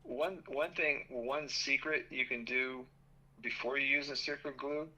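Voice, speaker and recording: A man's voice: mid-range voice, steady tone, a little slow, pushed and bright, poor audio. A man co-hosting a casual chat, giving practical tips in a matter-of-fact way. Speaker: co-host.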